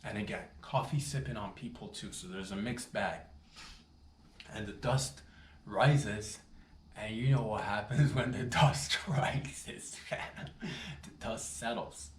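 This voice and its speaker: A man telling an absurd comic story in a rambling, swaggering, slangy way. His voice jumps up high when he gets worked up. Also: takes it slowly, roomy sound, slight background noise.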